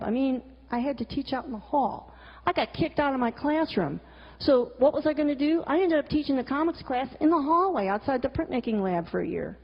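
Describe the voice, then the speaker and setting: A middle-aged woman with a high voice tells stories in a blunt, candid way, swearing freely and breaking in with exasperated asides. The recording is dull and lo-fi, and her voice rings with the long reverb of a large hall. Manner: vivid storyteller, exasperated asides. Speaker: cartoonist and teacher giving a talk. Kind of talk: candid storytelling talk with slides.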